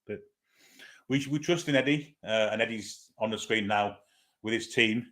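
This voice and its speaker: Chatty low-voiced male stream host. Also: moderate pace, a bit bright. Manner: chatty, hesitant with many "uh"s, reads viewer comments aloud and answers them. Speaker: host of a football fan watchalong stream. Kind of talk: casual live-stream chat and pre-match commentary.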